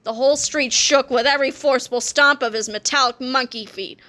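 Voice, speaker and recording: A woman narrating a children's book aloud in an expressive reading voice. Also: high-pitched, brisk.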